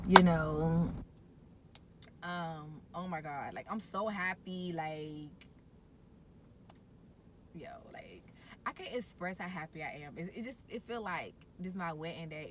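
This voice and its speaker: A woman, casually and animatedly telling her birth story, jumping to a high excited voice when she quotes herself. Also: slow, slight background noise.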